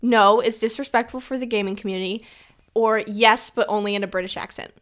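A young woman co-hosting a casual chat over a video call, giggly and rambling, her voice trailing off softly. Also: medium pitch, steady tone, a little fast. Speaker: co-host.

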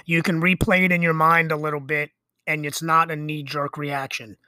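A man's voice: a little high, flat delivery, moderate pace, sharp tone, no echo, studio quality. A middle-aged man hosting a podcast, talking in a rambling, conversational monologue full of fillers and restarts. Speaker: podcast host. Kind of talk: casual monologue.

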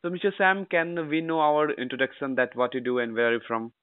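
A man with an Indian accent hosting a podcast interview, asking halting questions full of "like". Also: mid-range voice, level tone, clean tone, no room sound. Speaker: podcast host. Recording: dry, phone-like sound.

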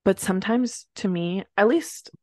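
A woman co-hosting a casual podcast chat, talking quickly and expressively and laughing often. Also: medium pitch, warm tone, no room sound, studio quality. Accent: slight Latina accent at times. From Latina, grew up bilingual in Spanish and English. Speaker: podcast co-host.

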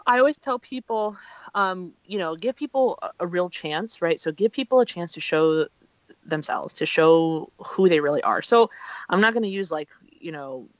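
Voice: medium pitch, lively intonation, normal speed, no echo, muffled recording. A relationship consultant giving earnest, emphatic advice as a podcast guest. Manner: earnest, emphatic, many fillers and restarts.

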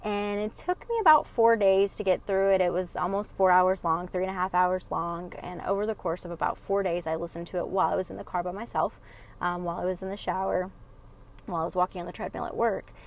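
A woman's voice: on the low side, fast. A woman telling viewers a rambling personal story in casual chat, with lots of fillers and restarts. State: emotional, choking up. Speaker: podcast listener sharing a story.

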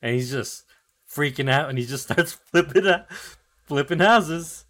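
A man's voice: on the high side, a little slow, fairly bright tone. A man co-hosting a podcast, retelling anime episodes in loose casual chat full of fillers, swearing and acted-out character lines. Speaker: podcast co-host recapping anime.

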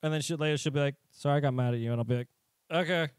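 A man's voice: medium pitch, fairly even intonation, racing, darkish tone, clear, resonant tone, no room sound, studio quality. Rambling, swearing man podcast host. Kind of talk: casual podcast chat.

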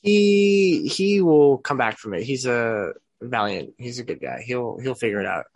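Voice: medium pitch, expressive, normal speed, vocal fry, husky, no room sound. Easygoing podcast co-host, dry sound. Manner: easygoing, chatty storytelling. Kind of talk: casual chat.

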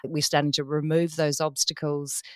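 A woman's voice: sits low, little pitch movement, moderate pace, no room sound, studio quality. Laughing woman interviewer. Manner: friendly, laughs often. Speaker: podcast host. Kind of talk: interview questions.

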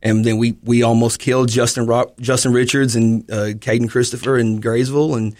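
A man co-hosting a podcast, telling stories in animated casual chat and laughing easily. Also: medium pitch, a little fast, dry recording, studio quality. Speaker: podcast co-host.

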